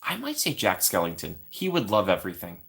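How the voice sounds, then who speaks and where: A man's voice: low voice, wildly swooping pitch, fairly quick, gravelly, a bit bright. A man chatting casually with his viewers on a livestream from home, rambling and laughing often.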